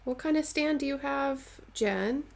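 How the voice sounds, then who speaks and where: A woman's voice: high-pitched, a little slow, gravelly. A woman chatting casually on a live stream while she stitches, answering viewers' comments and playfully dramatizing her stories.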